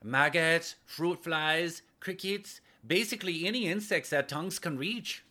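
A man's voice: on the high side, unhurried, sharp tone, voice pushed up. A man doing a young French woman scientist. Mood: matter-of-fact.

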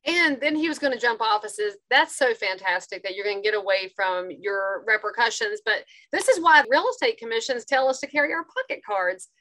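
High-voiced woman in casual chat. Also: brisk, hardly any pauses, pushed and bright. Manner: reacting and commenting.

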